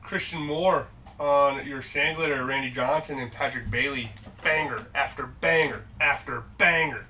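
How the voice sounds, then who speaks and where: Bright upbeat man hosting a card break. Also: medium pitch, normal speed, far from the mic, a little hiss or hum. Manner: upbeat, jokey, rattles off card names. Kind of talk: live-stream card break commentary.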